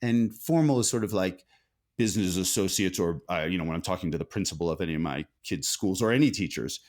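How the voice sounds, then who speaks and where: A man's voice: low voice, quick pace. A middle-aged man, an author being interviewed, talking in a thoughtful, meandering way with frequent restarts. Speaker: author, guest. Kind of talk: conversational interview.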